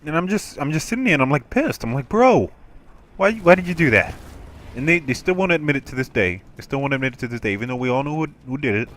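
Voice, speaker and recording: A man telling a rambling story in casual gameplay commentary, animated and full of restarts. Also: mid-range voice, rapid-fire, hardly any pauses, slight background noise.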